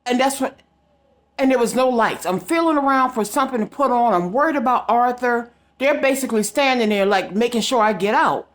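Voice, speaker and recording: A woman's voice: fairly high pitch, brisk. A woman telling a story straight to her viewers in a casual vlog, emphatic and direct. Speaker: psychic vlogger.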